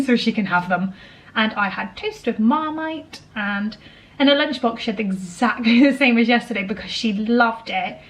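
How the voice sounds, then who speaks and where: Tired, chatty woman, higher voice. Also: low-quality recording. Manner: chatty and self-deprecating, often laughing. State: tired, a little out of breath. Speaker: vlogger, homemaker. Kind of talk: casual kitchen vlog chat.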